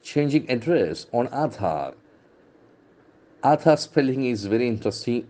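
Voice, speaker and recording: A man with an Indian English accent works through newspaper headlines as an English trainer, drilling pronunciation by slowly repeating words and spelling them letter by letter. His mid-range voice is warm and very animated.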